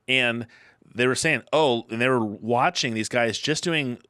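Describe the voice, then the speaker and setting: A middle-aged man co-hosting a talk show, telling stories in an animated, chatty way with some swearing. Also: mid-range voice, unhurried, clean tone, no echo, studio quality. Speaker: podcast co-host. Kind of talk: casual chat.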